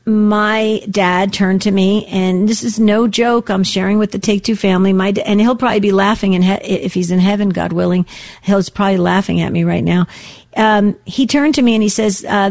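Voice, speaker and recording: A woman in her sixties hosts a call-in radio show. She talks in an earnest, rambling way, drifting into personal stories between callers. Her pitch sits in an ordinary middle range. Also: fairly even intonation, moderate pace, vocal fry, darkish tone, no echo, studio quality. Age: 60s.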